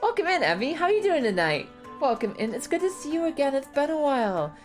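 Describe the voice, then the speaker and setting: A young woman streaming a game, chatting casually, excitable, swearing often and breaking into squealing laughs. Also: sits high, brisk, soft background music. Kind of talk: casual live-stream chat while playing a game.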